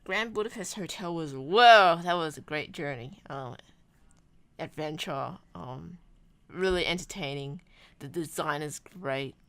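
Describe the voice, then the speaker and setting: Brief: young female vlogger, chatty and rambly, smooth clear tone, dry recording. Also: low voice, unhurried, a bit bright, dry recording. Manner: rambly, self-deprecating, lots of ums and restarts. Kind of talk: rambling travel vlog chat.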